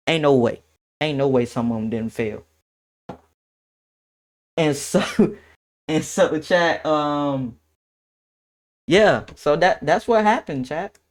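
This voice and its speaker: A young man streaming a casual storytime to his chat, animated and laughing, acting out what others said. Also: fairly high pitch. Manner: animated, laughs, quotes others in shifting voices.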